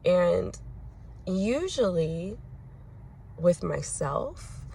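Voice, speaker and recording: A young woman telling a parenting story in a casual vlog, reflective and gentle, pausing often. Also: lowish voice, very animated, gravelly, a little hiss or hum. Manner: reflective, gentle, with many pauses and fillers. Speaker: mother sharing a parenting story.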